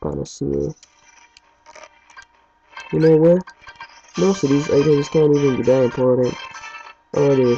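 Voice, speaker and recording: A man's voice: a little high, fairly even intonation, unhurried, creaky, long pauses, dark tone. A man giving rambling, chatty gameplay commentary as a let's play host from his home basement, with mild swearing. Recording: muffled lo-fi recording over game music.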